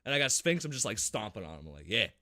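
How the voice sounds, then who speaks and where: A man's voice: lowish voice, big pitch swings, rapid-fire, bright, forceful tone. A man co-hosting a gaming podcast in casual chat, telling game stories animatedly, acting out moments and swearing freely. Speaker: podcast co-host.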